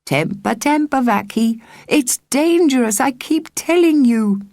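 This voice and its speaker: A woman's voice: high-pitched, expressive, measured pace, darkish tone, no room sound, clean studio sound, voice pushed up. Woman doing a cheeky evacuee boy. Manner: cheeky, slangy, greedy for food.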